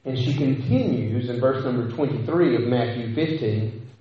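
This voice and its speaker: A man's voice: mid-range voice, moderate pace. A man preaching a sermon, talking conversationally with rhetorical questions and frequent restarts. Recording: echoey hall, dull lo-fi sound.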